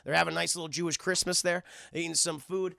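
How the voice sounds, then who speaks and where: A male streamer chats loosely and profanely through an episode recap, turning to his viewers every few words. His voice is high, bright and heavily gravelly. The sound is dry and close-miked. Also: fairly even intonation, quick pace, no room sound. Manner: rambling, profane, keeps addressing chat. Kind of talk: casual live-stream commentary.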